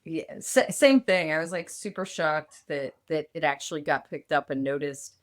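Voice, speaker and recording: Female makeup artist guest, cheerful, deep voice for a woman. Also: moderate pace. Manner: cheerful, laughing. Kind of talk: casual interview chat.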